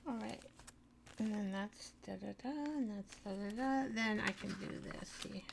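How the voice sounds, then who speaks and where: A middle-aged woman hosts a home art show, talking slowly with a gravelly rasp. She rambles to herself as she works and gently pokes fun at her own skills. Background noise runs under the voice. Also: mid-range voice. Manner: rambling, self-deprecating, talks to herself while working. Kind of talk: casual craft demonstration chat.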